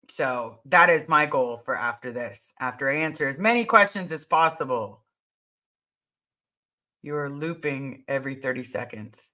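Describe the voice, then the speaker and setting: Woman, livestream host, bright tone, earnest and emphatic, repeats key words, casual talk. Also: very deep voice. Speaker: livestream host answering viewer questions.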